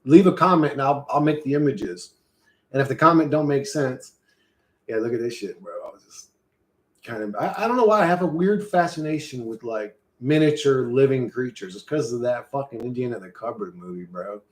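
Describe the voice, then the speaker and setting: A man's voice: mid-range voice, animated, a little fast. A male streamer chatting loosely, with a mid-range voice. He rambles, swears freely and laughs often. His voice bounces around an echoey room. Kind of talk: casual live-stream chat.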